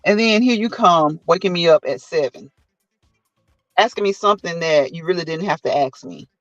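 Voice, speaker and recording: At normal speed and slightly high in pitch, a man hosts a casual live chat, recorded dry and lo-fi with faint music behind. He tells stories animatedly, acts out what others said, and laughs often.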